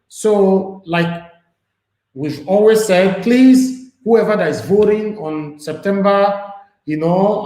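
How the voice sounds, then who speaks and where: A man's voice: sits high, a little mellow, echoey room, poor audio. A man hosting a live online interview show, talking loosely with lots of "you know" and "um". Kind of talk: live-stream interview chat.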